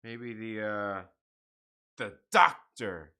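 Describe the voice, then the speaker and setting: A man's voice: lowish voice, animated, very slow, pushed and bright, smooth. A man hosting a livestream, rambling in casual profane chat and laughing often. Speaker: livestream host reading comics.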